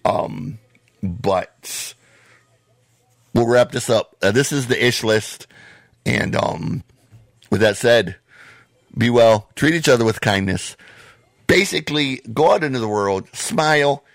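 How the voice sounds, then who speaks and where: An American man hosting a podcast in casual, profane chat, his voice hoarse and wearing out. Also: medium pitch, takes it slowly, pauses often, no room sound, clean studio sound. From United States. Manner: blunt, profane, laid-back. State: losing his voice. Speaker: podcast host.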